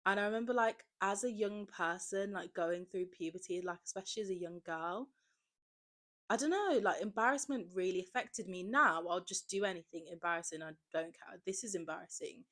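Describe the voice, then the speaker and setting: Young woman, podcast host, lowish voice, loose chatty delivery full of fillers. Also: brisk, few pauses. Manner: chatty, many "like" fillers, jumps between loud and soft. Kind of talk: casual confessional chat.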